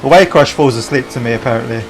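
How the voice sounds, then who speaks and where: English bloke streaming a racing sim, chatting with chat, bit of gravel in his voice. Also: mid-range voice, fast, soft background music. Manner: chatty, matey, chatting with viewers while driving.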